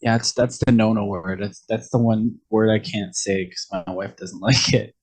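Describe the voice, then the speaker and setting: A man's voice: lowish voice, steady tone, normal speed, slightly rough. A man who is a guest on a casual podcast chat, speaking in an easygoing way and chuckling often.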